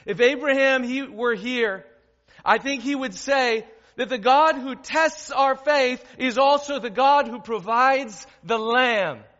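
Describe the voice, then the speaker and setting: A man preaching a sermon as pastor, emphatic, with dramatic pauses and swings from loud to hushed. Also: extremely high pitch. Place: church hall with stage. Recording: dull recording in a reverberant hall.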